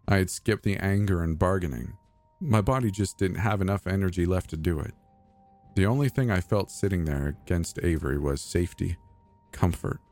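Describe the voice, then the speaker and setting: A man narrating a scripted horror story in a soft, measured, even reading. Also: sits low. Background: faint music.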